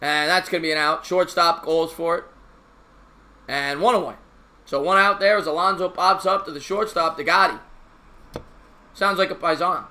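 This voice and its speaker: A man calling a baseball game play by play on his live stream, chatting with viewers in a casual, slangy, excitable way. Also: fairly high pitch, moderate pace, long pauses.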